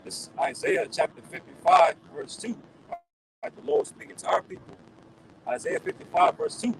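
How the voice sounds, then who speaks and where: A man's voice: extremely high pitch, huge pitch swings, normal speed, vocal fry. A man at an outdoor street gathering who reads a scripture verse and then breaks it down point by point. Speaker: scripture reader at a street camp. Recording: street noise with passing traffic.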